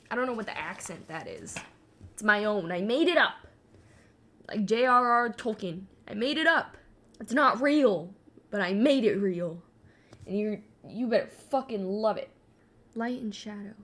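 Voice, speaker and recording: A woman's voice: mid-range voice, animated, a little slow, fairly bright tone. A young adult woman chatting casually while she paints, rambling with lots of fillers and swearing freely. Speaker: artist and vlogger.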